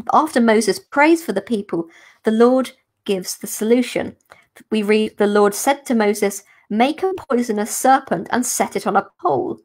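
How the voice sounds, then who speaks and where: Nun explaining scripture, slightly high voice. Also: female voice. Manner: explanatory, careful, unhurried teaching. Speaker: religious sister teaching scripture. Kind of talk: podcast scripture commentary.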